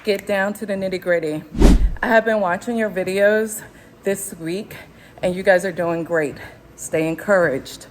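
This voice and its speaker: A woman in her fifties hosts a YouTube channel, vlogging unscripted while walking on a gym treadmill. Her mid-range voice is steady and unhurried, a little out of breath as she offers emphatic encouragement. The audio is poor, with some hiss or hum.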